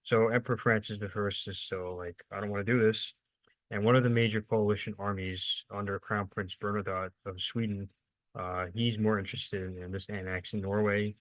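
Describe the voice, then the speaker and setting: A man's voice: fairly low pitch, level tone, moderate pace, dry recording, poor audio. A young man giving a casual, unscripted history lesson, rambling and informal, with lots of fillers and self-corrections.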